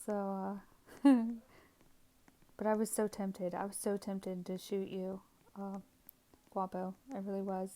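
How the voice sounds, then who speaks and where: A woman talks through her gameplay footage in a chatty, loose voice-over. She giggles often and strings her thoughts together with plenty of ums and ands. Her pitch sits right in the middle for a woman. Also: completely flat delivery, slow, long pauses, warm tone. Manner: giggly, chatty, rambling with many fillers. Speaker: gaming channel host. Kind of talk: casual gameplay commentary voice-over.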